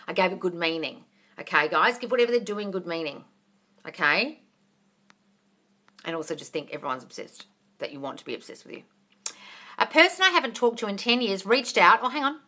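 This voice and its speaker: A woman's voice: medium pitch, fairly quick, pushed and bright. A woman hosting a casual livestream Q&A as a manifestation coach. She reads viewer comments aloud and answers bluntly, swears freely and calls her viewers darling.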